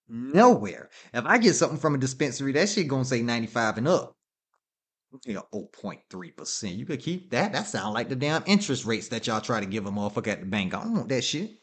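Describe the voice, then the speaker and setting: A man's voice: medium pitch, sing-song, fairly quick, husky. A man hosting a radio show, ranting casually with lots of profanity and laughter. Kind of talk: casual talk radio rant.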